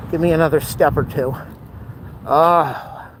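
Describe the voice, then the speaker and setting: A man's voice: a little high, a little slow. Breathless, joking man on a walk. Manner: breathless, self-mocking, playful asides. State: out of breath and sweating. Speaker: vlogger. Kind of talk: walking vlog, joking to camera. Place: outdoors on a city street. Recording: outdoor street noise.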